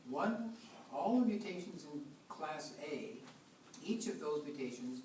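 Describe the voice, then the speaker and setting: A man lecturing to a class, working through his explanation aloud and restarting phrases as he goes. He sounds far from the microphone in a very echoey room, with steady noise underneath. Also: on the high side, a little slow.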